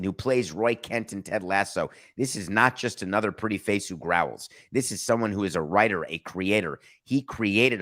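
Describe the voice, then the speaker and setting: A man's voice: fairly low pitch, a bit bright. A man hosting a podcast, giving emphatic and sarcastic opinionated sports talk. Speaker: podcast host.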